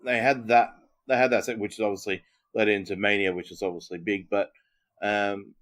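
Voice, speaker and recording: A man's voice: lowish voice, level tone, fairly quick, fairly bright tone. A man with an Australian accent co-hosting a podcast, chatting casually and agreeably, with plenty of "yeah" and "um". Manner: agreeable, lots of yeahs and ums. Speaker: podcast co-host. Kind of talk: casual wrestling recap chat.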